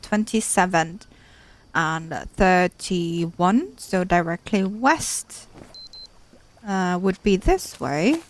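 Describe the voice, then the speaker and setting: Chatty woman narrating her gameplay. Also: lowish voice. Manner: chatty, repeats herself and exclaims when startled. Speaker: let's play host. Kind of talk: casual gameplay commentary.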